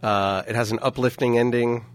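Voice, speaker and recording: Man, radio host, scratchy breathy voice, lingering cough, casual studio chat. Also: mid-range voice, fairly even intonation, moderate pace, no echo. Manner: playful, chatty, reflective. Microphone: studio mic.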